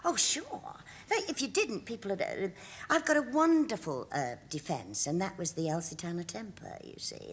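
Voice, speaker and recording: Husky woman in her sixties. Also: mid-range voice, sing-song, normal speed. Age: 60s. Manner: chatty anecdotal storyteller, laughing often. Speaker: actress, talk show guest. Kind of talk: casual chat. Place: TV studio.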